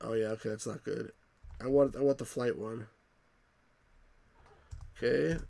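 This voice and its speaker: A man's voice: mid-range voice, fairly even intonation, measured pace, creaky, warm tone. A man hosting a let's play, rambling casually as he reads game text and chat aloud.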